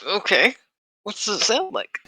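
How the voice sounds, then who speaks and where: A tabletop game player chatting in a slow, playful way. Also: medium pitch, huge pitch swings, sharp tone, a little hiss or hum. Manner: slow, playful, laughs often. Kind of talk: casual tabletop game chat.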